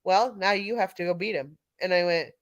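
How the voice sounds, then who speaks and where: A woman's voice: lowish voice, a little fast, no room sound, dull audio. A middle-aged woman from California, telling a casual story on a live audio panel, laughing often and restarting her sentences. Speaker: panel speaker.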